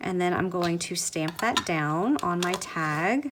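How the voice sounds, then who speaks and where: Speaking slowly in a lowish voice with lively intonation, a woman demonstrates a paper craft project step by step. The chatty tutorial, recorded with background noise, has her frequently gushing over how cute it looks.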